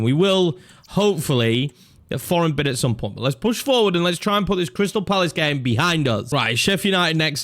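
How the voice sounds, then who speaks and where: A young man commentating over his own football video game, excitable and swinging from low muttering to shouts at chances and goals. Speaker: gaming YouTuber. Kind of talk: live commentary over gameplay.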